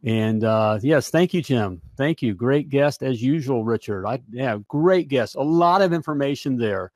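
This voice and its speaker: An upbeat male podcast host rambles through his sign-off, full of fillers. His voice sits at an everyday pitch. The sound is dry and close, with little room echo. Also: expressive, a little slow, darkish tone. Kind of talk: casual show wrap-up.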